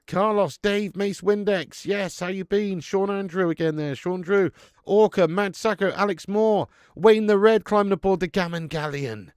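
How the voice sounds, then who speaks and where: A man's voice: fairly high pitch, dry recording, clean studio sound. A man hosting a live football watch-along, chatting casually, swearing freely, reading out viewer names and laughing between lines.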